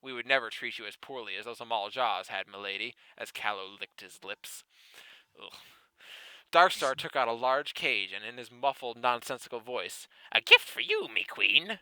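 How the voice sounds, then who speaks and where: A man with a bright, ringing voice reads a ridiculous fan fiction story with mock solemnity. He keeps a straight face, then slips into laughing asides. The sound is dry and close, with no room around it. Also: medium pitch, normal speed, clear, resonant tone, dry recording, rough recording. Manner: mock-serious narration broken by laughing asides. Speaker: podcast host reading fan fiction aloud. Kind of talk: comedic dramatic reading.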